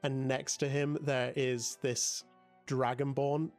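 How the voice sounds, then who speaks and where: A man running a tabletop game as game master, narrating casually with many fillers, with soft music behind. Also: medium pitch, little pitch movement, slow.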